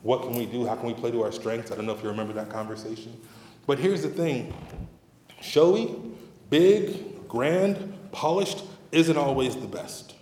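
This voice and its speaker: In a church sanctuary with roomy hall reverb, a middle-aged pastor preaches a sermon in a conversational, humorous and emphatic way. His voice is mid-range, brisk and a little mellow.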